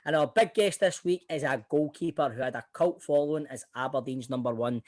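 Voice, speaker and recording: A Scottish man hosts a football podcast with a slightly raised voice. He links the segments briskly in a presenter's style. The recording sounds close and dry. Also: on the high side, darkish tone, no room sound. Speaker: podcast host. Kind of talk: casual football chat.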